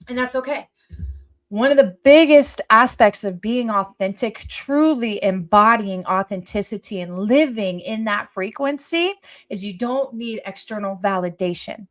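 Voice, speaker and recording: A blunt woman vlogger speaking straight to her viewers, her voice sitting a little high. She is emphatic and swears freely, jumping from loud outbursts to quiet, soft asides. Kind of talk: casual personal talk to viewers.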